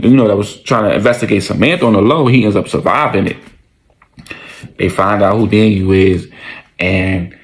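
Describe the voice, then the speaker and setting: A man narrating a storytime in loose, slangy, profane talk, often repeating his lines for emphasis. His voice sits low with a rough, gravelly texture.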